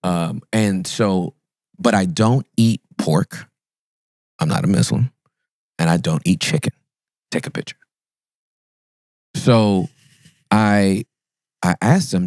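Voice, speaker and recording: A man, a pastor and podcast guest, telling a funny story in a playful, self-mocking way and swooping up high for the punchlines. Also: takes it slowly, long pauses, a little mellow, no echo, clean studio sound. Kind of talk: animated comic storytelling in a podcast interview.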